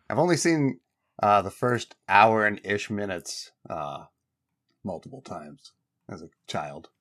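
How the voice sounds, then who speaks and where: A man co-hosting a casual podcast, telling self-mocking stories in an animated way. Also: fairly low pitch, slow pace. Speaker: podcast co-host. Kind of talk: casual chat.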